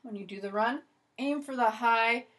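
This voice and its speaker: A violin teacher leads a video lesson in a fairly high voice at normal speed, staying chatty and encouraging and beginning often with "so" and "okay." Between phrases, a violin plays loudly.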